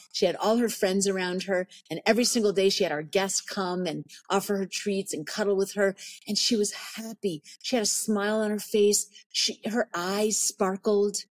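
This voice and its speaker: A middle-aged woman in a podcast interview, telling a personal story earnestly and stressing points by repeating words. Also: mid-range voice. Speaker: podcast guest, animal sanctuary founder.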